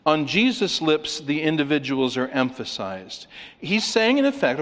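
A man preaching an expository sermon, emphatic, with rhetorical questions and swings between loud and quiet. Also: a little high, very animated, measured pace. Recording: long reverb of a large hall.

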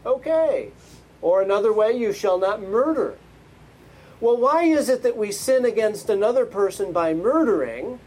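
A man's voice: high voice, expressive, moderate pace, darkish tone, slightly rough, rough recording. A man preaching a sermon, praying and then asking one emphatic rhetorical question after another. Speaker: pastor.

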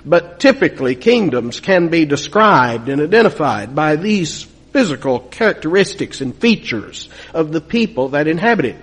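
Husky, earnest man preaching a sermon. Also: a little high, sing-song, moderate pace, hardly any pauses. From United States. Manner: earnest, rising to emphatic peaks, repeats words.

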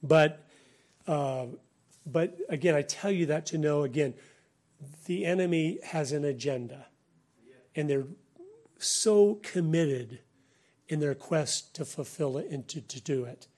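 Middle-aged American man, slightly high voice, animated preacher delivering a conversational sermon. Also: a little slow, pauses often. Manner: animated, conversational, laughs between points. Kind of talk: sermon-style talk.

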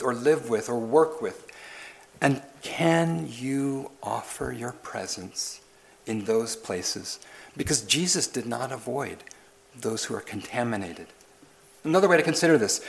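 A man preaching a sermon as pastor, pressing his listeners with questions and repeated lists. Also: fairly high pitch. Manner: questioning, building emphasis through repetition.

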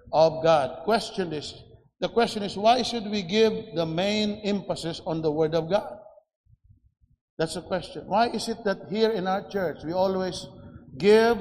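A man preaching a sermon in a church, slow and deliberate, with frequent restarts and fillers. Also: fairly high pitch, a little mellow, a little hiss or hum. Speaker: pastor. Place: church sanctuary. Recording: echoey church hall.

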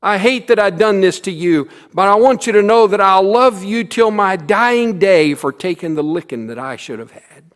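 A man voicing a poor, tearful ten-year-old boy who begs in a high voice. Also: moderate pace, lightly acted. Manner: begging, high and loud.

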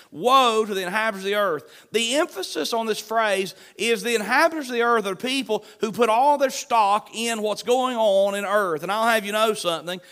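A man's voice: high voice, a bit bright. A male pastor preaching an online sermon in an earnest, emphatic way, repeating his refrains.

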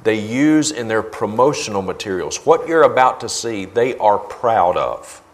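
A man preaching with a low-pitched voice. He is indignant and emphatic, and he repeats short phrases to drive his point home. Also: lively intonation, measured pace. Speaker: guest preacher. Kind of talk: sermon with video commentary.

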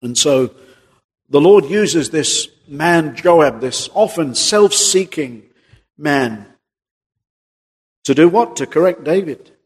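Husky-voiced preacher in a reverberant hall. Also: male voice, a little high, lively intonation. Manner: earnest, rising emphasis on key words; reads scripture slowly in a raised voice. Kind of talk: sermon with scripture reading.

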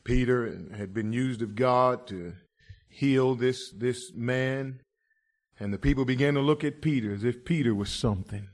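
A male preacher delivering an impassioned sermon, swinging from quiet murmurs to loud shouts, throwing in rhetorical "huh?" asides and calling listeners "friend". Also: mid-range voice, unhurried.

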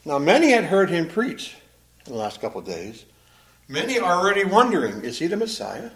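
A male pastor delivering a sermon in a lively, animated way. His voice sits a bit high for a man and swings widely in pitch. He leans on emphatic pauses and repeats phrases for effect.

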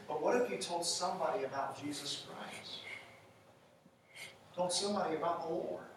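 Pastor preaching in an echoey church. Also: male voice, on the high side, a little hiss or hum. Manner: conversational, encouraging preaching with rhetorical questions. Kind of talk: sermon. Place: church sanctuary. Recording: echoey room, voice from a distance.

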